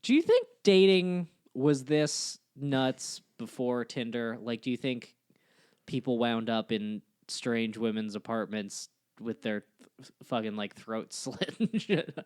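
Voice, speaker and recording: A man's voice: mid-range voice, lively intonation, slow pace, darkish tone, clear, resonant tone. A man hosting a podcast, chatting casually and teasing his guest with sarcasm. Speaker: podcast host.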